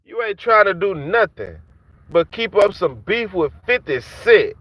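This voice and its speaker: High-pitched man ranting angrily. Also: big pitch swings, measured pace, no echo. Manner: heated, repetitive, taunting. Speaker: vlogger ranting at rappers. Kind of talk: angry street-talk rant to camera. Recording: dull dry lo-fi sound.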